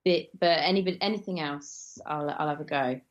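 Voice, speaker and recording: A low-pitched woman from England chats easily as an interview guest, rambling through fillers and restarts. Her voice comes through a dull, muffled recording. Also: moderate pace. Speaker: actress guest. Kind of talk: casual interview chat.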